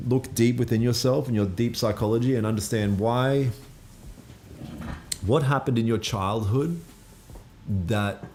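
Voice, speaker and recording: A man's voice: on the low side, a little mellow, a little hiss or hum. A man hosting a live trading stream, answering viewer comments in a laid-back, slangy, blunt way and swearing now and then. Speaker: trading livestream host.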